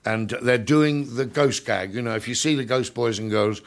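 A man's voice: mid-range voice, normal speed, gravelly. An older man from England, a comedian telling showbiz anecdotes to an audience in a chatty, storytelling way, often chuckling and acting out other people's voices.

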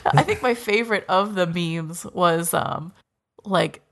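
A woman's voice: lowish voice, slow, vocal fry. A woman co-hosting a podcast, chatting casually and animatedly about an anime, swearing freely and laughing often. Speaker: podcast co-host. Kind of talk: casual chat recapping an anime.

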